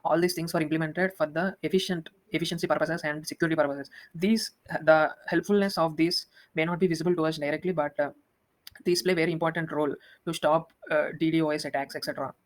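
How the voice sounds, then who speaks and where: A young man walking through a software demo, talking quickly with many restarts. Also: on the high side, low-quality recording. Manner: fast, flat, with frequent restarts and fillers. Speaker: student presenting a project demo.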